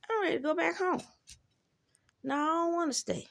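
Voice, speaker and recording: A woman's voice: very high voice, big pitch swings, a little fast, vocal fry. A woman in a casual monologue, talking bluntly and with plenty of profanity as she reflects on her own life. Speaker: vlogger.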